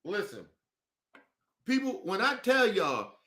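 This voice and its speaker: A man's voice: high voice, wildly swooping pitch, slow, pushed and bright. A man streaming his reaction to a clip, ranting in incredulous, profane commentary.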